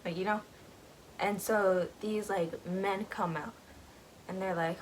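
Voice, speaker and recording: A woman's voice: medium pitch, fairly even intonation, unhurried, slight background noise, low-quality recording. A woman casually recapping a book, rambling, with lots of filler words.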